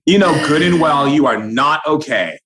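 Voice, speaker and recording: A man's voice: on the high side, expressive, normal speed, bright, forceful tone, rough recording. A man speaking as a spiritual guide in an impassioned, preachy way, acting out quoted conversations.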